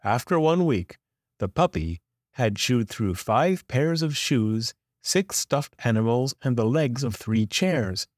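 A man reading a children's picture book aloud with expressive, playful emphasis. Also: medium pitch, slow pace, dry recording, clean studio sound. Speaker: storyteller.

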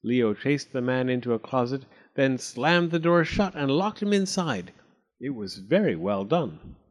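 A man reads a children's story aloud, his pitch rising and falling in a lively, animated way. His voice sits at a medium pitch for a man. His delivery is expressive and sounds read from a book. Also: measured pace. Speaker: narrator. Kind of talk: storybook reading.

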